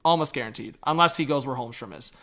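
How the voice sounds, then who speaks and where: A young man doing excitable, slangy live reaction commentary and talking straight to his chat as a livestream hockey commentator. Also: mid-range voice, fast talker.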